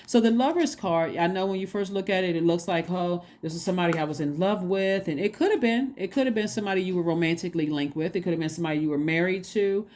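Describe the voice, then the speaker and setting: A woman's voice: on the low side, quick pace, hardly any pauses, darkish tone. A woman giving a casual spoken tarot reading. She rambles, repeats her phrases and checks in with "right?". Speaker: tarot reader.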